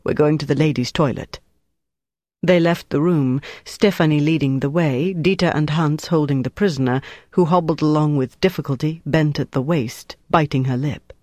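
An audiobook narrator reading a wartime thriller with an even, steady delivery. The voice is mid-pitched and the recording is dry with no room sound. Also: normal speed, hardly any pauses, no echo. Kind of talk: scripted narration.

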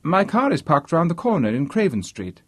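A man's voice: fairly high pitch, very animated, normal speed, slightly rough, dry recording, studio quality, pitched above the performer's own voice. A man voicing a charming, diffident young man who chats politely with a woman on a train. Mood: eager, chatty.

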